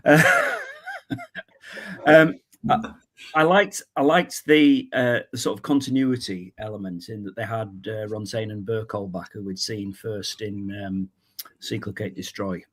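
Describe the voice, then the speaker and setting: A man on a podcast panel, chatting casually in a halting way with frequent laughs. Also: fairly low pitch, fairly even intonation. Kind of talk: casual chat.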